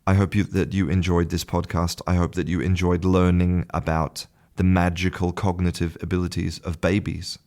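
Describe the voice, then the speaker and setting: A man's voice: deep voice, flat delivery, normal speed, hardly any pauses, darkish tone. A man hosting an English-learning podcast, explaining a study in a solo talk and often repeating words while finding his phrasing. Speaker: podcast host and English teacher.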